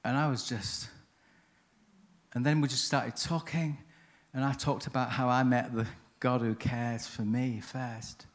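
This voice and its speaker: Man, seminar speaker, mid-pitched, chatty storyteller who keeps restarting his sentences. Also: fairly even intonation, unhurried. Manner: chatty, self-interrupting, anecdotal. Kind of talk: conference talk with storytelling.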